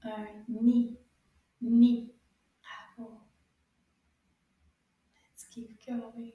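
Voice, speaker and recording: Lady teacher for kids, very echoey room, bit far from the mic, repeats words slow and clear. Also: on the high side, little pitch movement, highs cut off. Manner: encouraging, repeats words clearly, gives sound clues. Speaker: French teacher for children.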